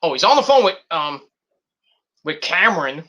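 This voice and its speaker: A man casually recapping a wrestling show in a vlog, animated and swearing freely as he acts out what people said. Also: a little high, moderate pace, muffled recording.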